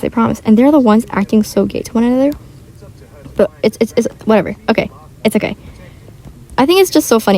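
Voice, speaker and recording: The recording is rough, made on wireless earbuds in a shared bedroom. A teenage gaming vlogger with a dark-toned voice on the high side chats casually while playing, rambling and using many filler words.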